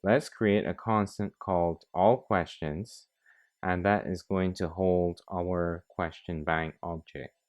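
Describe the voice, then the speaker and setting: A man's voice: sits low, steady tone, takes it slowly, a little mellow. A man narrating a coding tutorial, talking methodically through each step. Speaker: programming tutor. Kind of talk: screen-recorded coding tutorial.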